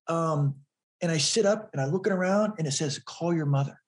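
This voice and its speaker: Earnest man telling a story, higher voice. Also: brisk. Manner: earnest, repeats words while building up a story. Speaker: guest.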